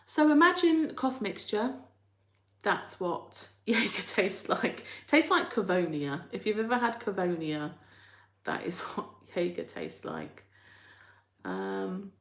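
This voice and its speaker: A woman's voice: mid-range voice, fairly bright tone. Chatty woman, roomy echo. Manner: chatty, rambling, laughs often. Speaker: livestream host reading viewer comments. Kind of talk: casual chat.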